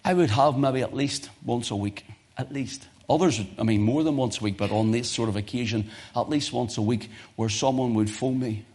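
A man preaching a sermon as pastor, emphatic, swinging from loud exhortation to near whispers. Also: mid-range voice, moderate pace, slightly rough.

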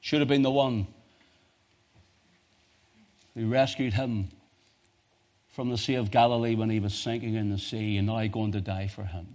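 A man preaching a sermon, rising to loud impassioned peaks and dropping to low, hushed intensity. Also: steady tone, normal speed, long pauses.

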